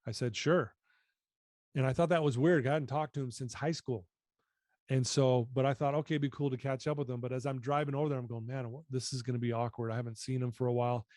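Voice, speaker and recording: An earnest man recounts his personal story as a podcast guest. His tone is mellow and dark, and he often sinks to a quieter register. The sound is dry and close. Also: medium pitch, steady tone, quick pace, no room sound. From United States. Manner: earnest, reflective, often drops voice.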